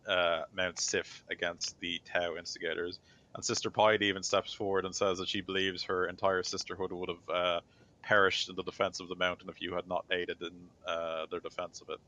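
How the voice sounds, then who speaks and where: A man's voice: low-pitched, bright, forceful tone. A man narrating a tabletop game as game master, rambling and full of fillers, on a dull lo-fi recording.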